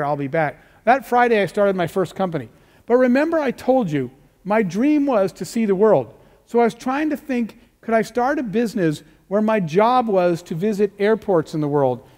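A middle-aged man giving an energetic motivational talk as a keynote speaker, telling stories and acting out the dialogue. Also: sits high. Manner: energetic storytelling, acts out dialogue, rising emphasis. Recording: long hall reverb.

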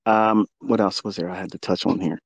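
A man's voice: low-pitched, fairly even intonation, a little fast, gravelly, slightly rough, no room sound. A man hosting a live audio room, ranting in a combative, taunting way with heavy swearing. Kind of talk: profane ranting monologue. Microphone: remote audio call.

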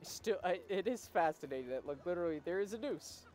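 A woman casually chatting as she plays a video game, reading text aloud with lively, bouncing pitch. Faint game music sits under her voice. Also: brisk. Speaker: let's play host.

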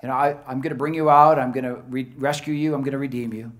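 A man preaching a verse-by-verse Bible teaching sermon, stressing key words by slowing down and often repeating phrases as he explains. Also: mid-range voice, steady tone, a bit bright. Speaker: pastor.

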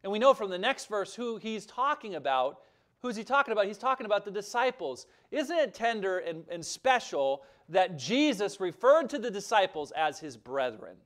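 A man preaching a sermon as pastor, earnest and emphatic, swelling louder and dropping soft. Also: sits high, big pitch swings, normal speed. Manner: earnest, emphatic preaching with rising and falling intensity.

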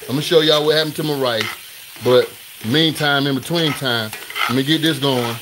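A man hosting a live cooking stream in his home kitchen, talking straight to viewers in a hurried, repetitive way. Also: medium pitch. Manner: hurried, talks straight to viewers, repeats himself. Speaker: cooking show host. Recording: sizzling pan noise behind.

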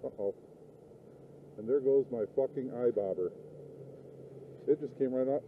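A man's voice: mid-range voice, unhurried, pauses often, a little hiss or hum. A man narrating his fishing outdoors by a river, talking casually and rambling, swearing when things go wrong. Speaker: fishing vlogger. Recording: tinny lo-fi outdoor audio.

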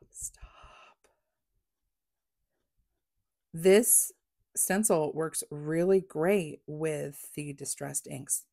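A woman chats through a crafting unboxing at home. Her voice sits a little low and her pace is unhurried. She gushes with excitement and sometimes drops to a breathy whisper. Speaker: crafting vlogger. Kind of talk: casual unboxing chat.

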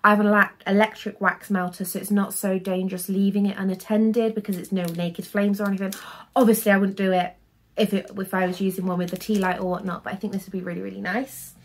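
A woman's voice: medium pitch, level tone, fast talker. A young woman in a casual haul vlog, talking in a chatty, rambling way full of fillers. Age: young adult. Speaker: vlogger.

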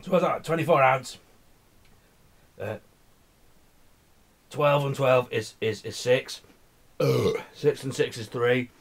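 A man ranting on his vlog in a loose, rambling way, cursing constantly and trailing off into mumbles. His voice sits at an ordinary middle pitch. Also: slow, pauses often. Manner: profane, rambling, slurring and mumbling. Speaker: vlogger. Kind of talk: drunken rambling vlog rant.

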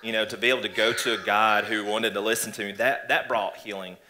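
A man in church, earnestly and reflectively telling his story of faith in a conversational testimony, with halting restarts. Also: lowish voice, steady tone, pushed and bright. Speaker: church guest sharing testimony. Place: church stage before an audience.

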